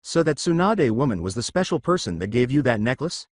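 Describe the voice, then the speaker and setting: A gentle tribal mother from a fan-made story, read by a man. She speaks softly and plainly, her pitch rising and falling a lot. The recording is dry. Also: sing-song, brisk, dry recording. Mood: sad.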